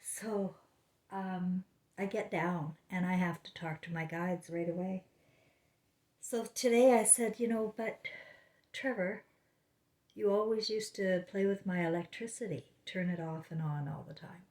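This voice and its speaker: A spiritual vlogger records a rambling casual monologue in her living room at home, meandering with many fillers and restarts. Her voice is lowish, a little slow and a little mellow, and the recording has a roomy echo.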